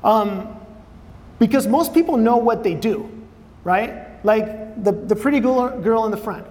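The preacher's voice is high and darkish, and he speaks a little slowly. In his conversational sermon he returns to key phrases and questions the church audience, all under a long hall reverb.

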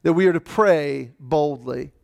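A man delivering a sermon in a raised, gravelly voice, full of vocal fry. He tells his own story earnestly, lightens it with dry humor, and often trips over his first words before pushing on. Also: fairly high pitch, a little slow, darkish tone. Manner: frequent stammered restarts. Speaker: pastor.

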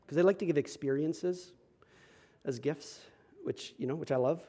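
A young adult male pastor preaching a sermon, telling a personal story and swinging from hushed asides to loud emphatic passages. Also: on the high side, normal speed.

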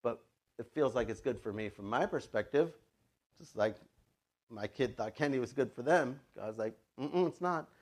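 A male pastor preaching a sermon in a relaxed, conversational way, dropping into quick quoted asides. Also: mid-range voice, slightly rough. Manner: conversational, plays God and a child in quoted asides.

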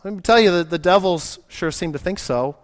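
A man's voice: high voice, fairly quick. A man preaching a sermon in a conversational way, asking his listeners questions and acting out the voices he quotes.

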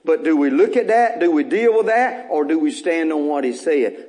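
A man's voice: a little high, normal speed, hardly any pauses, dark tone. A man. He drives his points home by repeating phrases and climbing into emphatic bursts. The delivery is the full, rhythmic cadence of a pastor speaking to his congregation. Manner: preaching with rising emphatic bursts and repetition. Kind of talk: sermon.

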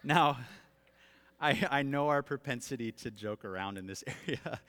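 A man in his thirties, a pastor telling humorous family stories in an animated, self-deprecating sermon, with long hall reverb. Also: medium pitch, moderate pace. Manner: animated, self-deprecating, with laughs and acted-out quotes. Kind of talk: storytelling sermon.

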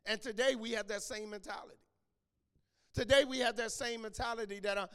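A man with a high voice preaches a sermon in a church sanctuary. He repeats and restarts his phrases and calls out congregants by name, building to shouts. Long reverb trails off the hall around him. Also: brisk. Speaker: pastor.

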